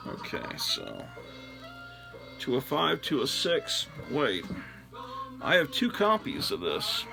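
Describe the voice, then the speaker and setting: Rambling older man with gravelly voice. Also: mid-range voice, wildly swooping pitch, slow, low-quality recording. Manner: rambling, chatty, self-deprecating. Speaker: host. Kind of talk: casual solo chat while sorting comics. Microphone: phone. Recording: music clearly playing behind. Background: music.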